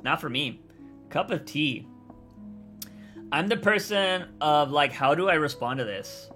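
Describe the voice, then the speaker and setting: Blunt swearing man with bright hoarse voice. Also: a little high, animated, unhurried, soft background music. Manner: blunt, swears freely, rambling. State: voice feels raspy. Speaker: content creator streamer. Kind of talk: casual livestream chat answering viewers.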